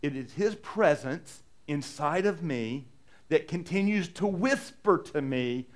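A man's voice: a little high, expressive, slow. A middle-aged male pastor preaching a sermon, telling a story in a conversational way and acting out the quoted lines.

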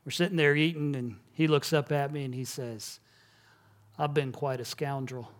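A male pastor giving a sermon in an earnest, measured way, dropping to a hush at solemn moments. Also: mid-range voice, fairly even intonation.

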